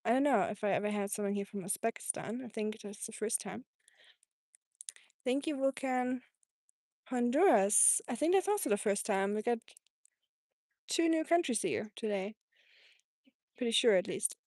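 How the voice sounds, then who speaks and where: A woman with a thick German accent hosts a live stream, reading out viewer comments and chatting back with easy laughter. Her voice sits a little high. The sound is close and dry, with no room echo. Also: animated, moderate pace, long pauses, a little mellow. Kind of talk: casual live-stream chat. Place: home in Tennessee.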